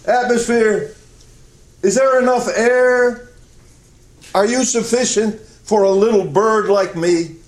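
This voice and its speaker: A man voicing a small bird, asking anxiously in a high voice within a sermon story. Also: takes it slowly, long pauses. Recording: roomy hall echo.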